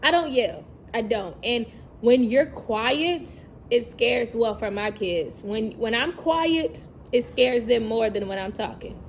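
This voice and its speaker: A young woman talks in a chatty, animated vlog, laughing as she goes and acting out little scenes from her classroom. Her voice sits a bit high, and a faint hiss runs under it. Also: takes it slowly, creaky, highs cut off. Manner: animated, chatty storyteller who laughs often and acts out classroom moments. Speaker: teacher and vlogger. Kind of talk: casual vlog monologue.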